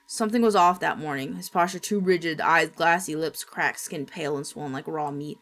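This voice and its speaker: A woman streamer reading a horror story aloud in steady, dramatic narration. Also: low voice, a little fast, few pauses.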